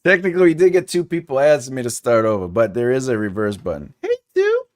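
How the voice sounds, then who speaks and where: A man's voice: medium pitch, fast talker, no room sound, studio quality. A man hosting a casual livestream as a writing teacher, chatty and jokey, chuckling often and greeting viewers by name.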